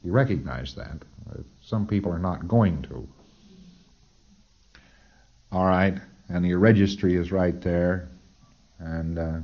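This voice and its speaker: A man with a fairly low voice delivers a lecture, explaining procedure step by step and slipping into acted-out exchanges. The tape is dull and lo-fi, with the upper frequencies muffled. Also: takes it slowly, pauses often. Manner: explanatory, acts out dialogues. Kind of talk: recorded lecture.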